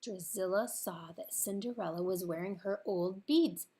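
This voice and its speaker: A woman narrating a children's storybook in a clear, expressive read-aloud manner. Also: mid-range voice, moderate pace.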